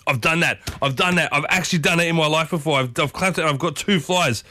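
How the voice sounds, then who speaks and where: A man's voice: on the high side, expressive, quick pace, pushed and bright, no room sound. Chatty male radio host, dry studio sound. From Italian heritage. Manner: chatty, enthusiastic, addresses listeners as folks. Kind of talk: casual radio talk segment.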